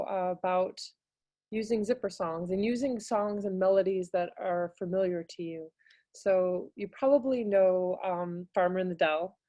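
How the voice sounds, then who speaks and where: Mellow woman presenting on a video call. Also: dry recording. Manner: casual and hesitant, many fillers, bursts into high singing demonstrations. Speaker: music teaching artist presenter. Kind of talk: webinar talk.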